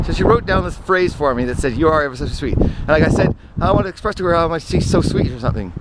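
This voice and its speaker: A man's voice: fairly high pitch, expressive, quick pace, few pauses. A man telling personal stories in a casual, meandering monologue, often correcting himself and drifting into asides. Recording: outdoor traffic noise.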